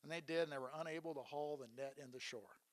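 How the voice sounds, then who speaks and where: A man's voice: a little high, fairly even intonation, fast. A man preaching a sermon, retelling Bible stories in an earnest way and asking his listeners rhetorical questions.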